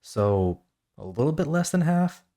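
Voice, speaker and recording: A man's voice: on the high side, big pitch swings, measured pace, dark tone. A man co-hosting a podcast in casual chat, easygoing and thinking aloud as he goes. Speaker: podcast co-host.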